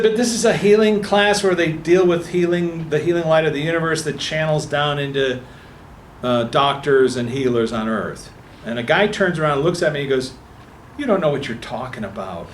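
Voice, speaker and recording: A man with a fairly high voice recounts a personal story to a book-talk audience in a meeting room, acting out the people's voices. A little hiss or hum comes through, along with room echo and faint ambience.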